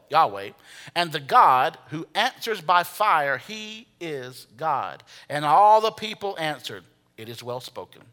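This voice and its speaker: A man preaching a sermon as pastor, swinging from hushed asides to loud, animated calls and leading the congregation to repeat phrases. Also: high voice. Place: church sanctuary. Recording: long reverb of a large hall.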